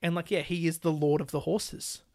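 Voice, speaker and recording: A lively podcast co-host in easy film talk, stringing thoughts together with "like" and jumping into quoted lines from scenes. The voice is close and dry, with no room sound. The pitch stays at an ordinary middle level. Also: normal speed, dry recording. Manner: animated, full of "like" fillers, laughs while retelling scenes. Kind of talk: casual film discussion.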